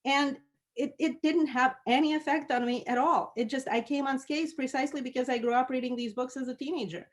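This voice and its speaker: Animated woman leading a book talk. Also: sits high, fairly quick. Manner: lively and animated, laughing often, many fillers. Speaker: discussion leader.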